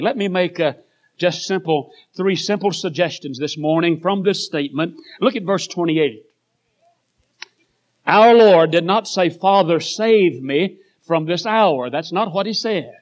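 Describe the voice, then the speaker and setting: A preacher, a man in his later years, delivering a sermon with dramatic storytelling that swings between loud passages and hushed ones. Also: high voice, unhurried. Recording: dull lo-fi recording.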